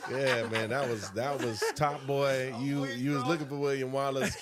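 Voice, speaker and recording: A man's voice: mid-range voice, steady tone, moderate pace, over a noisy crowd. A man co-hosting a casual chat, laughing and teasing.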